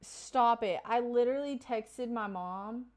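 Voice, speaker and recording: Streamer woman from Kentucky, bit higher voice, smooth and clean, loose chatty delivery. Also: a little mellow. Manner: chatty, loose, with fillers and quick asides. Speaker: live streamer. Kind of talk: casual chat reading viewer comments.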